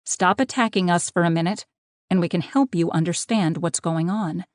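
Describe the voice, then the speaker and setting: A woman's voice: on the low side, normal speed, no echo, clean studio sound, close to an everyday voice. A woman doing a stern male pack leader. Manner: stiff, clipped.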